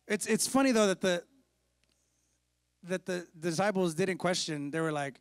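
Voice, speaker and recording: A man's voice: sits high, normal speed, long pauses, clean tone, no echo, clean studio sound. A male pastor preaching a sermon, telling the story playfully in casual slang. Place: church.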